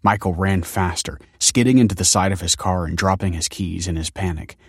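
A man reading a story aloud in a measured, dramatic way. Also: sits low, fairly even intonation, breathy edge, no echo, studio quality. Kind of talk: scripted story narration.

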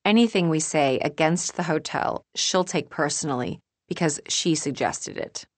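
A woman narrating a first-person audiobook in a calm, measured, introspective manner. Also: low voice, dry recording.

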